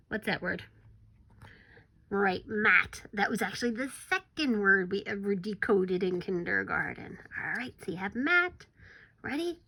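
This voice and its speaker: In this recorded phonics lesson for young kids, a woman talks at a slow, encouraging pace, occasionally whispering for suspense. She sounds a bit bright, her voice sits on the high side, and her intonation is lively.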